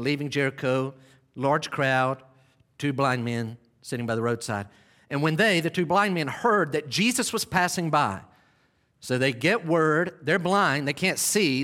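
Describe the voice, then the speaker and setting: Preaching an expository sermon, a man with a slightly high voice guides his listeners through a scene. He restarts and repeats phrases, draws out important words, and lets out sudden loud cries while dramatizing the moment.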